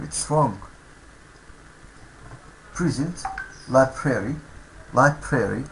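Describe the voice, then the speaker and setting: Teaching schoolchildren English words, this man from Egypt goes slowly, repeating each word twice and explaining it. He speaks at medium pitch, expressive and a bit bright, on a poor recording with slight background noise.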